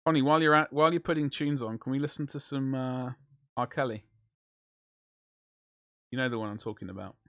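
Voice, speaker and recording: A man's voice: mid-range voice, steady tone, brisk, long pauses, a bit bright, dry recording, lo-fi sound. A man streaming live while he paints, rambling and joking in casual banter with his chat. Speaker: livestreamer.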